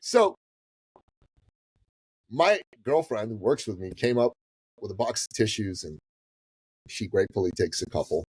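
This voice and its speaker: A man in his fifties from the Middle East, a business coach telling a story as a podcast guest in a casual, animated way that swings between loud and hushed. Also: on the low side, moderate pace, breathy edge, dry recording, poor audio. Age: 50s.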